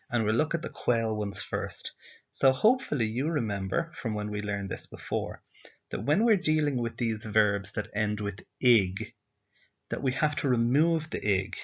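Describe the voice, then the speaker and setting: A male teacher giving a slide-based language lesson, explaining patiently step by step and asking the learner questions. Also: on the low side. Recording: dull lo-fi audio.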